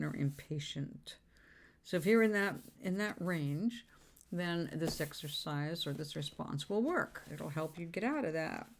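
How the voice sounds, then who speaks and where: A woman's voice: lowish voice, darkish tone. A woman giving a casual self-help talk, chatty and informal, with fillers and the odd swear word.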